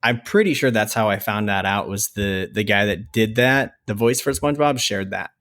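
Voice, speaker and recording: Chatty man with a high, squeaky voice. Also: moderate pace, a bit bright. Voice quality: self-described high, squeaky voice. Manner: playful, rambling with restarts. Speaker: podcast co-host. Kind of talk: casual chat.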